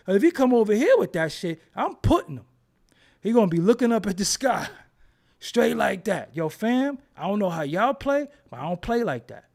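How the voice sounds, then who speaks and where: A man's voice: high-pitched, normal speed. A man in a casual, profane rant, talking emphatically and repeating himself when heated. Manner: animated, emphatic, swears freely, repeats words when heated.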